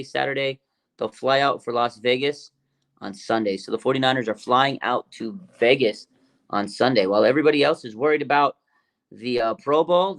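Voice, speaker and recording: Male fan-stream host, gravelly voice, excitable and rambling, loose casual chat. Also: on the low side. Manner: excited, rambling, many fillers and restarts.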